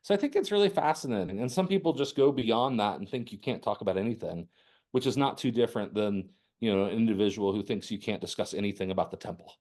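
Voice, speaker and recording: A man guest on a podcast, explaining ideas in relaxed casual conversation. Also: fairly low pitch, fast.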